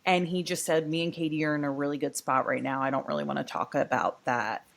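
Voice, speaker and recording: A woman's voice: low voice, fast talker, creaky. A woman co-hosting a podcast in casual chat, retelling scenes and mocking people in quoted voices. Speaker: podcast co-host.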